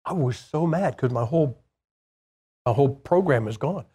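A man's voice: medium pitch, expressive, normal speed, dark tone, breathy edge. A man preaching a sermon, telling a personal story in a plain-spoken, conversational way and firing rhetorical questions at the congregation.

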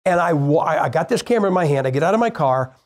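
This preacher's voice is a little high, and he talks in an animated, rapid-fire way. He shares a personal story during his sermon in plain, conversational language, peppering the congregation with rhetorical questions.

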